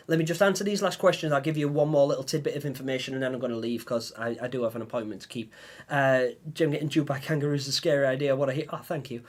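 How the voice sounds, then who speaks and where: Animated man telling a story. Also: on the high side. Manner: animated, acts out his own panicked lines. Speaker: livestream host. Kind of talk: casual live-stream storytelling.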